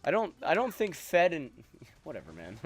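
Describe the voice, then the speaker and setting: A man's voice: a little high, wildly swooping pitch, moderate pace, faint music behind. A young man streaming a game, chatting loosely with friends and chat in profane, rambling banter. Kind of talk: casual gaming stream chat.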